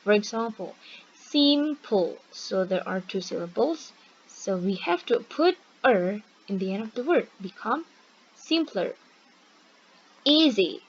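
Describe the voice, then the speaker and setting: A young woman teaching an English grammar lesson online, patiently checking in with her students. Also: a little high. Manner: patient, checks in with "okay?" and "right?". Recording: dull lo-fi recording with faint hiss.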